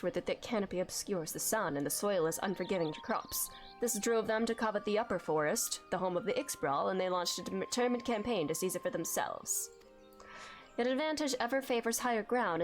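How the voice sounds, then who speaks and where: Woman reading a calm young prince. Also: medium pitch, close to an everyday voice.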